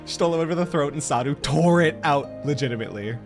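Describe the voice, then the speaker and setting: A game streamer giving casual live commentary, giggly and excitable, talking directly to chat. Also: medium pitch, fast, soft background music.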